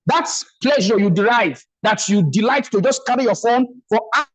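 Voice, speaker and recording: A middle-aged Nigerian man with a fairly high voice speaks at a seminar on a video call. He tells personal stories in an earnest way and repeats phrases for emphasis. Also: lively intonation, moderate pace, low-quality recording. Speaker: speaker on trauma healing. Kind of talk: motivational seminar talk.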